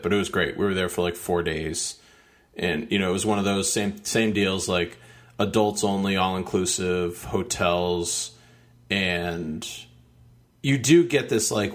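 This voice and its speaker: A man chatting casually as a podcast co-host, laid-back and teasing, with some swearing. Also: low voice. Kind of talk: casual chat.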